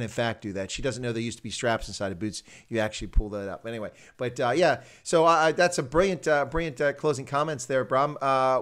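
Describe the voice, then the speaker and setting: A male host from the United States who talks quickly and at length. His chat is loose and enthusiastic, full of restarts and asides. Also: medium pitch. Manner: chatty, rambling, enthusiastic. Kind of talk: casual interview chat.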